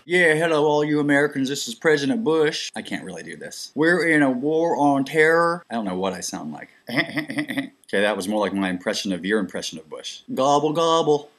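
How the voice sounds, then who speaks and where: A man's voice: mid-range voice, very animated, fairly quick, a bit bright. A man doing a joking impression of a male president, laughing at his own attempt, recorded at a distance from the mic. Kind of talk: amateur impression clip.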